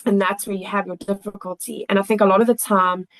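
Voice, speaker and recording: A woman's voice: medium pitch, steady tone, quick pace, fairly bright tone, poor audio. A woman guest on a podcast, a children's coach, speaking earnestly and thoughtfully in casual conversation.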